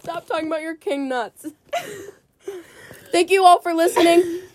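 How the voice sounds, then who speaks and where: A woman's voice: extremely high pitch, moderate pace. A young woman co-hosting a casual podcast, playful and joking, recorded on a phone voice memo. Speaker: podcast co-host. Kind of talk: casual chat. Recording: phone voice memo with faint noise.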